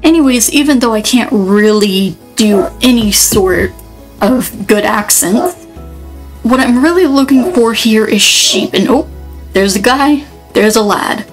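A woman's voice: fairly high pitch, expressive, unhurried, soft background music, low-quality recording. A woman giving casual gameplay commentary, rambling and thinking aloud, often cutting herself off mid-sentence. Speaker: let's player.

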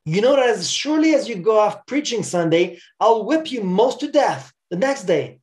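A man's voice: a little high, expressive, normal speed, darkish tone, natural voice. Preacher guy reading out a stern slave master, harsh and commanding, pretty plain voice. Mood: demanding. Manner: read aloud from a story, commanding. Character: harsh male slave master, later broken.

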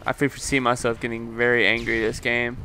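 Young guy commentating his match, bright tone, cusses constantly, faint game sounds in back. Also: mid-range voice, completely flat delivery, fairly quick, a little hiss or hum. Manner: swears a lot, frustrated outbursts. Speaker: gameplay commentator. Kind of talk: live gameplay commentary.

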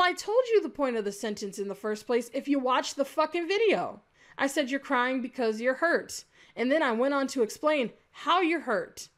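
Blunt, sarcastic woman with a higher voice. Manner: blunt, sarcastic, swears freely; exasperated, argumentative. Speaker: video creator answering a critic. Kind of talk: reaction commentary, reading out comments.

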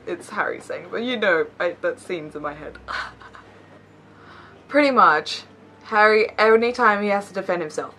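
A woman's voice: medium pitch, animated, normal speed, pauses often, bright, forceful tone, a little hiss or hum. A young woman YouTuber reading memes aloud with playful commentary, giggling often and teasing herself. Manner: giggly, laughs between lines; playful, self-mocking asides.

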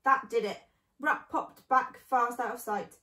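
A woman reading a children's book aloud in an expressive way. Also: fairly high pitch, a little slow, reverberant, far from the mic, poor audio. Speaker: storyteller.

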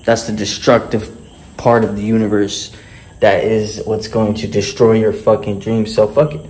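A man's voice: fairly low pitch, level tone, normal speed, darkish tone. A man delivering a motivational vlog monologue as a fitness and mindset coach, boastful and heavily profane, full of swaggering street slang.

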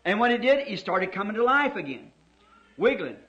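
A middle-aged man preaching a sermon, telling a story fervently and dramatically, slowing down to stress key words. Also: sits high, very animated, a bit bright. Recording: dull lo-fi old sermon tape.

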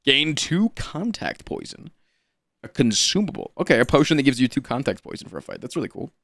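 A man streaming a card game, reading card text aloud and reacting with animated, profane commentary. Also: mid-range voice, fast, vocal fry, no echo. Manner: animated and profane, swinging between flat card reading and excited outbursts.

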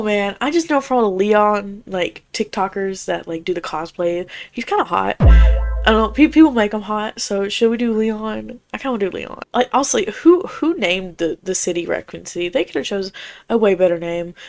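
A woman's voice: mid-range voice, animated, moderate pace, vocal fry, darkish tone. A young woman streaming a horror game, chatting casually and reacting in a jumpy, squeamish way. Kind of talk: live gameplay reaction.

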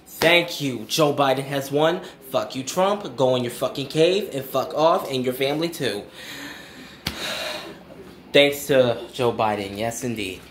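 A woman's voice: extremely low pitch, slow, roomy sound, a little hiss or hum. Gushing young woman vlogger, swearing. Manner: gushing and profane, swearing freely. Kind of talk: excited casual vlog.

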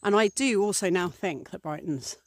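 In a dry recording, a woman from England with a voice on the low side talks to camera at normal speed. A priestess and vlogger, she is chatty and meandering, leans on fillers, and acts out small scenes.

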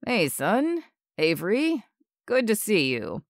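Woman doing a confused older dad, halting, trails off, dry close mic. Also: medium pitch, huge pitch swings, dry recording, full character voice. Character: older father, confused and faltering.

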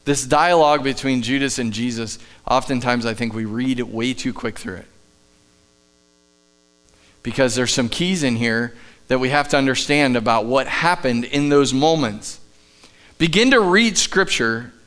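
Emphatic male pastor preaching, smooth voice. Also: medium pitch, a little slow. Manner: emphatic preaching, often dropping to soft asides. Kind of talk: sermon. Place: church sanctuary, live service.

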